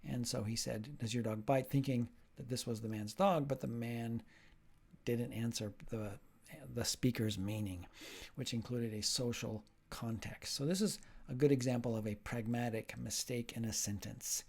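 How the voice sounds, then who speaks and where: Man, linguistics professor, recorded video lecture, explanatory, acts out example dialogues, middle pitch. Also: steady tone, normal speed, gravelly, darkish tone, slightly rough.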